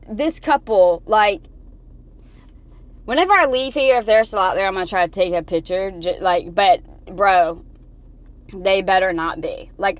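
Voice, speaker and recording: A woman vlogger ranting and swearing while she drives, talking into her phone. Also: mid-range voice. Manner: swearing, heated and rambling. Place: in a car.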